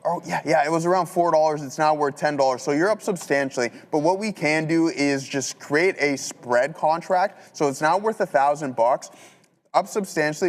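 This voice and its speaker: A man walks through his stock and options trades in live commentary. He talks casually, piling on fillers and asides. His voice rings with a long hall reverb. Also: on the high side. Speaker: trading show host.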